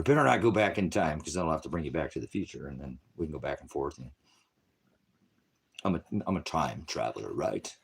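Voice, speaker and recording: A man with a deep, husky voice delivers a profane religious rant. He talks in a combative, rambling way, swerving between shouts and mutters. His pitch swings widely as he goes. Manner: rambling, combative, swears heavily; sudden shouted bursts, drops to mutters. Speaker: independent ministry preacher.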